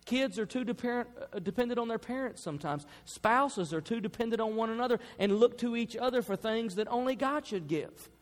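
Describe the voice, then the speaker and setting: High-voiced preacher man in a reverberant hall. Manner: impassioned preaching, rising loud then dropping soft. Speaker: pastor. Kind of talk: sermon.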